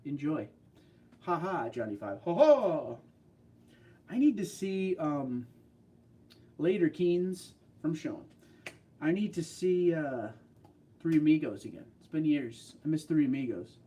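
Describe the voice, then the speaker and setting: A man's voice: a little high, expressive, unhurried, dark tone. Chatty New York man hosting a livestream. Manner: chatty, joking. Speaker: livestream host. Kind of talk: casual livestream chat, reading comments.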